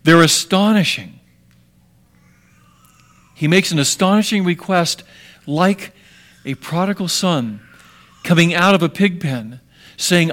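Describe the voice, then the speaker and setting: A man preaching a sermon with dramatic swings between hushed and emphatic delivery. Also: high-pitched, slow, pauses often.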